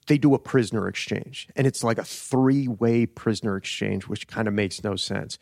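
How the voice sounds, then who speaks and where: A man's voice: on the low side, normal speed, vocal fry, a little mellow, no echo, clean studio sound. A man hosting a podcast in casual chat, rambling and swearing, with many "like"s. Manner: rambling and profane, full of "like". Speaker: podcast host.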